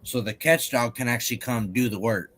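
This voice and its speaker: A man with a mid-pitched voice co-hosts a casual stream. He sounds laid-back and loose, dropping slangy fillers as he chimes in. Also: fairly quick, a bit bright. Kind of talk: casual livestream chat.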